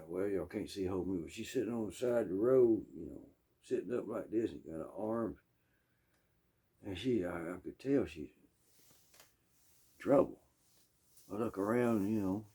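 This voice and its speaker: Southern man, casual storyteller, folksy and rambling, lowish warm voice. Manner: rambling and folksy, full of asides and throat-clearing. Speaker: musician telling a story.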